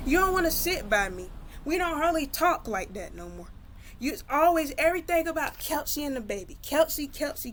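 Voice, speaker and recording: A woman's voice: high-pitched, slight background noise, voice pushed up. A woman doing a jealous, tearful young sister. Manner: pleading, upset.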